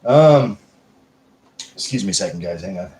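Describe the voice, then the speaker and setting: A deep, slightly mellow male voice comes through a rough recording, animated and at a moderate pace. The man casually runs a livestream, rambling and cursing in a hyper manner as he reads viewers' comments out loud.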